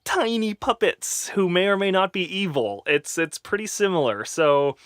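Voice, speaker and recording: A man hosting a casual podcast, talking in an animated, energetic way into a close microphone. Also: sits high, normal speed, smooth, no echo. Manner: lively, animated, plays the show's announcer. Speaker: podcast host.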